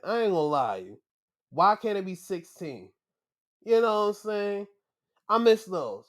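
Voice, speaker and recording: A man hosting a podcast, giving a casual wrestling recap and acting out the wrestlers' lines in an animated way. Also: fairly high pitch. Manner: animated, acts out wrestlers' lines, laughs and shouts when excited. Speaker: podcast host.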